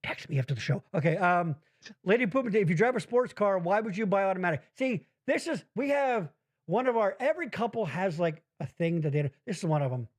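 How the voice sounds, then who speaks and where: A high, lively man's voice hosting a casual comedy podcast from a basement. He rambles through gripes and chat comments and swears freely. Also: fairly quick. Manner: profane, animated, rambling, reads chat comments aloud. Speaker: podcast host. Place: home basement.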